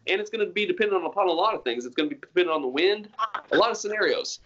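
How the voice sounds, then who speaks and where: Earnest rambling man, slightly high voice. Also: animated, very fast, fairly bright tone, muffled recording. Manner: rambling, earnest, many restarts. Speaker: hunter guest. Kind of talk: casual interview talk.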